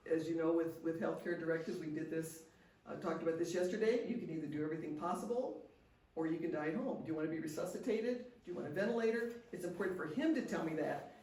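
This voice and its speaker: An older woman with a low, mellow voice shares personal stories at a seminar, speaking earnestly and restarting often. The echoey seminar room and distant mic shape the sound.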